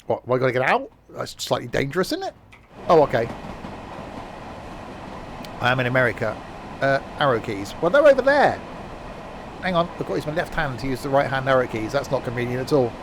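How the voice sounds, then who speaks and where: A man's voice: mid-range voice, lively intonation, fairly quick, long pauses, a bit bright, a little hiss or hum. Rambling, self-mocking male game streamer. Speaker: streamer playing a train simulator. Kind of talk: casual live-stream commentary.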